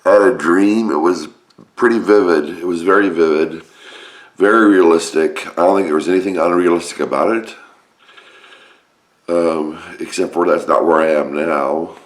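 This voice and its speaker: A man's voice: low-pitched, steady tone. A man with a Roanoke, Virginia accent, talking in a casual, rambling monologue that often halts and restarts. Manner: rambling, halting, many restarts. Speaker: vlogger. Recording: roomy echoey room.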